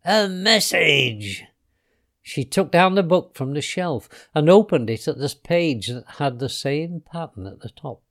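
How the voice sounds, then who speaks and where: A man reading a children's storybook aloud, his voice slightly raised in pitch and rising and falling in a lively way. He tells it expressively, with gentle drops at the ends of phrases. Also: moderate pace, hardly any pauses. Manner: expressive, dropping softly on speech tags.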